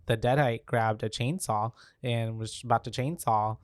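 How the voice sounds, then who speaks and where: A man's voice: medium pitch, fairly even intonation, moderate pace, no room sound, studio quality. A man co-hosting a podcast, recapping a film in loose casual chat, swearing freely and filling gaps with "um" and "like".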